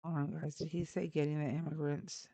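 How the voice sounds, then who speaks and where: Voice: mid-range voice, little pitch movement, a little fast, creaky, warm tone, no room sound. A live call-in show host arguing politics with callers in a blunt, mocking, combative way. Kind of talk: heated live call-in debate.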